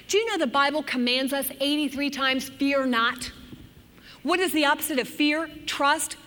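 High bright-voiced woman preaching. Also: in a large hall. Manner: animated, dramatic play-acting of anxious and angry voices. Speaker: women's Bible teacher. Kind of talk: sermon to a women's group.

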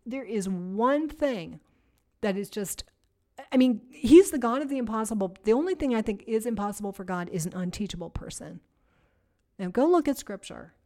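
A woman giving a conversational Christian teaching to women, energetic and emphatic, stacking repeated phrases and asking her listeners direct questions. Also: fairly high pitch. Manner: energetic, repetitive, emphatic lists.

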